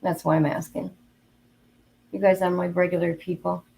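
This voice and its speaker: Older female streamer, creaky voice, chatty and heartfelt with her audience. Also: on the low side, little pitch movement, moderate pace, mellow, a little hiss or hum, rough recording. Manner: chatty, talks straight to her viewers; earnest and openly emotional. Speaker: livestream host. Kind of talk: casual livestream chat.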